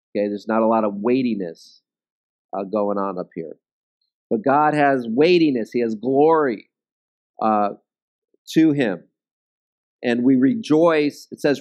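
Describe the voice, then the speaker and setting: Male Bible study teacher, mid-pitched, casual explanatory delivery with frequent check-ins. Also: unhurried, long pauses. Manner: self-deprecating humor.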